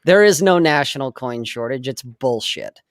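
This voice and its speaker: A man chatting on a podcast, his voice smooth and resonant as he spins a wry, slightly conspiratorial story. The sound is dry and close, with no room echo. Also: mid-range voice, expressive, moderate pace. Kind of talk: casual podcast chat.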